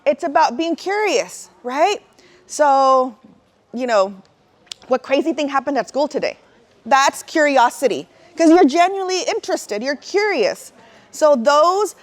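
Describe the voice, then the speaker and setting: A middle-aged woman with a high-pitched voice gives a casual, heartfelt talk to parents. She peppers it with "right?" and emotional asides.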